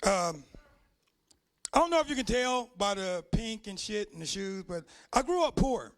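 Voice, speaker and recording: A man performing a loud, profane stand-up comedy set on a club stage. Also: high-pitched, sing-song, moderate pace. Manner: loud, profane storytelling with put-on voices.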